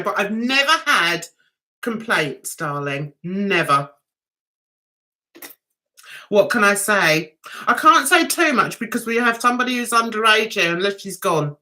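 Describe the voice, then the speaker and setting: A woman's voice: medium pitch, sharp tone. A middle-aged woman hosting a casual livestream, reading out comments, chatting to viewers and laughing often. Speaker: livestream host.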